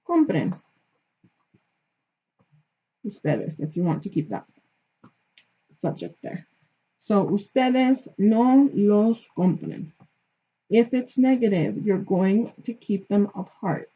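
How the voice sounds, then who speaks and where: A woman teacher walks her class through a grammar lesson with patient step-by-step explanations, often pausing to ask if they follow. She speaks slowly, with a slightly husky voice. The recording sounds dull and lo-fi. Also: medium pitch, animated. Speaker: Spanish teacher.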